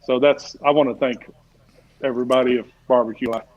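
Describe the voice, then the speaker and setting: A man with a medium-pitched, steady voice talks briskly, spinning a long, rambling, folksy story in casual chat and dropping "uh" fillers constantly. He's a barbecue class teacher appearing as a guest, and the stream audio is dull and lo-fi.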